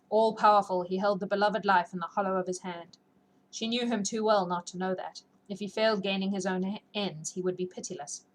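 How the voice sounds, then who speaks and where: A woman reading a classic novel aloud, then slipping into relaxed, chatty talk with her listeners. Her voice sounds sore and slightly scratchy from a long read, with faint noise in the background. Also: lowish voice. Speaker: audiobook reader and streamer.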